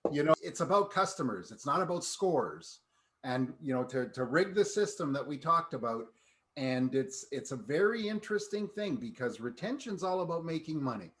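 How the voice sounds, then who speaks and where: A man hosting a podcast, reflecting in a relaxed conversational way. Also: fairly high pitch, normal speed. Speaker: podcast host. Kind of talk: casual podcast talk.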